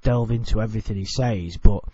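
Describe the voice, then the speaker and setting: A man's voice: on the low side, fairly quick, mellow, no echo, dull audio. An English-accented man commenting on a TV clip in a rambling, blunt, self-correcting way. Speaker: video commentator.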